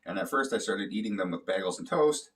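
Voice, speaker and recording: Man, low deep voice, casual rambling storytelling, swears a lot, fillers, heard from a distance. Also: expressive, fast talker, a bit bright. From Canada. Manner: rambling, profane, loose with fillers. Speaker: vlogger.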